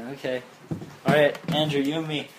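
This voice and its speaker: A man's voice: a little high, level tone, normal speed, heavy background noise. Laughing man in an echoey room. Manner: laughing, bossy about game rules. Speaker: podcast co-host. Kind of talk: casual chat among friends.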